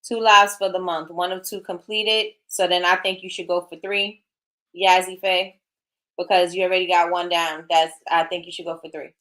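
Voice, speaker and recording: A woman's voice: fairly low pitch, flat delivery, moderate pace, a bit bright. A middle-aged woman hosting a casual livestream, chatting with viewers and reading their comments aloud in an encouraging way. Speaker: livestream host.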